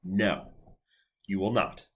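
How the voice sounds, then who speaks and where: A man lecturing on psychology in a relaxed, conversational way, walking through examples step by step and checking in with his listeners. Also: low-pitched, slow pace, slightly rough. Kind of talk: recorded university lecture.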